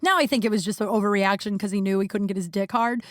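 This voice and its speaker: A woman's voice: mid-range voice, fast, no echo, studio quality. A woman hosting a podcast who tells a personal story in a candid, casual way, swearing freely and saying "like" often. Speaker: podcast host.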